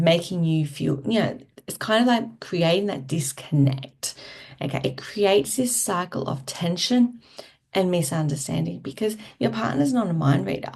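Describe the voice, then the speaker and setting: A woman's voice: fairly low pitch, gravelly, a little mellow. A woman relationship coach giving casual, candid advice to camera, often checking in with "okay?" and restarting words as she goes. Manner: candid, occasionally swears.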